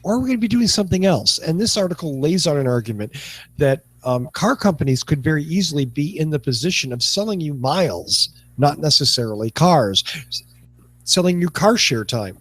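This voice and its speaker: A man co-hosting a casual panel talk show, rambling and animated, with many restarts. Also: fairly high pitch, fairly quick, no echo. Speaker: podcast co-host.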